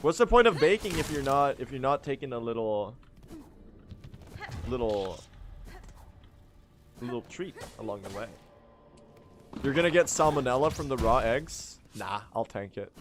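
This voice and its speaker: A hoarse young man streaming a game, chatting casually with his viewers, laughing often and breaking into loud exclamations. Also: mid-range voice, sing-song, measured pace, long pauses. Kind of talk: casual live-stream chat over gameplay.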